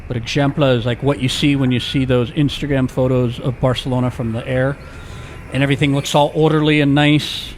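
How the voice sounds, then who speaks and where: A man of mid pitch talks his way through a street walk, tossing out jokes and wandering asides as he goes. Traffic hums faintly behind him in the open air. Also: little pitch movement, fairly quick. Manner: jokey, rambling asides. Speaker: vlogger, walking tour guide. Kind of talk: casual walking-tour narration. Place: outdoor city streets.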